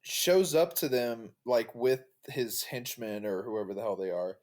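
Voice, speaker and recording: A man's voice: mid-range voice, unhurried. Laid-back male guest chiming in. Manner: relaxed, brief agreeing replies with short laughs. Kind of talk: casual recap chat.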